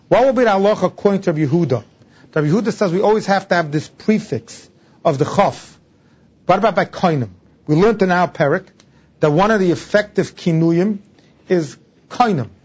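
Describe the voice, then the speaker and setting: Man, Talmud lecture, slightly high, husky, dull lo-fi recording. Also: a little mellow. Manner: explains step by step, repeats terms for emphasis. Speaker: Talmud teacher.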